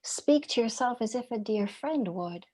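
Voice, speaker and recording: Her voice runs on the high side, animated and slightly rough, as she gives a reflective dharma talk as a meditation teacher. She speaks gently and deliberately, posing rhetorical questions and hushing some phrases to a near whisper.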